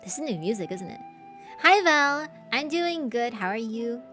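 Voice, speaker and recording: A woman's voice: mid-range voice, animated, moderate pace, long pauses, a bit bright, soft background music. Chatty, laughing woman streamer. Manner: chatty, laughs often, swears casually. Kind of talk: casual live-stream chat.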